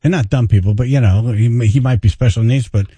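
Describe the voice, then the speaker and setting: A male morning radio host bantering casually in a studio. His voice is mellow and relaxed, close and dry on the mic, and he jokes and laughs easily. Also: medium pitch, brisk, slightly rough, no room sound. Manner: jokey, laughs often.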